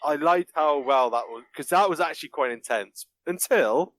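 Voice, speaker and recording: A man's voice: a little high, moderate pace, a bit bright. A man chatting casually on a podcast, laughing often and acting out movie lines in mock voices. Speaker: podcast guest reviewing a film. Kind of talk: casual chat.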